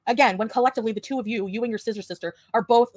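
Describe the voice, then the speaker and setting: A woman chatting on a live stream in a rapid, mocking way. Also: a little high, a little mellow, no echo. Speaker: streamer being reacted to. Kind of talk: casual live-stream chat.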